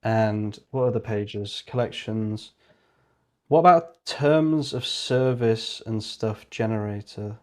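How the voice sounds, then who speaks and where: A man's voice: fairly low pitch, slow. A man with a British accent livestreaming casually, thinking aloud and muttering as he works. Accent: British English. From Britain. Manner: muttering, rambling, self-correcting.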